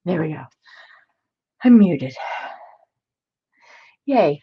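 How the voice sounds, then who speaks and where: A woman's voice: medium pitch, animated, slow, pauses often, breathy edge, muffled recording. A woman hosting a casual live stream, chatty and laughing often as she greets viewers by name. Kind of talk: casual live-stream chat while crafting.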